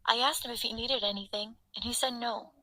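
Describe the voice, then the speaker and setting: A woman's voice: on the high side, steady tone, fairly quick, pushed and bright, a little hiss or hum, low-quality recording. A woman giving dramatic first-person narration of a tense story.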